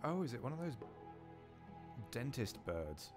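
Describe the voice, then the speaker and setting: A man's voice: mid-range voice, big pitch swings, measured pace, faint music behind. A man playing a tabletop role-playing game, talking in a dry, wry and hesitant way. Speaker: player.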